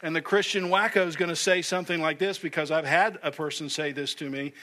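A man preaching a sermon as pastor, emphatic, repeating key phrases and dropping to a hush for weight. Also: on the high side, steady tone, a little fast, few pauses. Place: church sanctuary.

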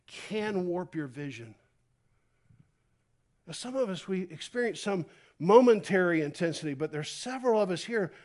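A man preaching a sermon, dropping to a hush and then rising to near-shouts as he acts out a scripture story. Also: high-pitched. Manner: animated, swings from hushed to loud. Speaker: pastor. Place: church.

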